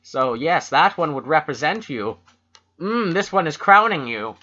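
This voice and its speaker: A man's voice: fairly high pitch, very animated, a little slow, background noise. A Canadian man co-hosting a podcast, chatting casually with wry, self-mocking humor and mock-solemn tarot readings. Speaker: podcast co-host. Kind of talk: casual joking chat. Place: home room at a computer. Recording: dull lo-fi home computer mic.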